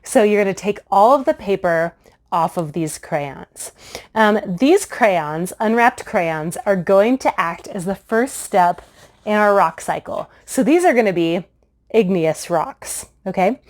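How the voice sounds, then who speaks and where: A woman's voice: medium pitch, animated, measured pace. A young adult woman hosting a science lesson for children, bubbly, chatty and playful as she shows her rock collection and explains a hands-on experiment. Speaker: science show host.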